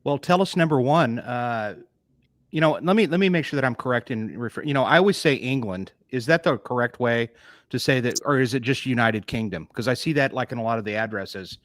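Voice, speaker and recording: A man's voice: mid-range voice, fairly quick, no room sound, clean studio sound. A man hosting a live interview show, asking questions eagerly with sudden lifts in his voice. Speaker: show host. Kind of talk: casual interview talk.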